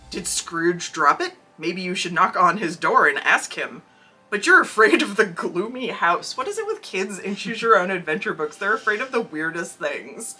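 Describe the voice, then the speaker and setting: A podcast co-host reads a story aloud and tosses in wry, jokey asides. The voice is husky and bright. The pitch moves about a lot. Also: lively intonation, normal speed, faint music behind, low-quality recording. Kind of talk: casual chat and reading aloud.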